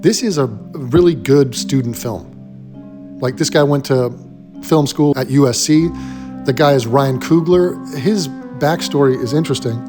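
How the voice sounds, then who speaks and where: A man's voice: mid-range voice, measured pace, over music. A man hosting a ranting film commentary, blunt, sarcastic and full of profanity. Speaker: commentary host.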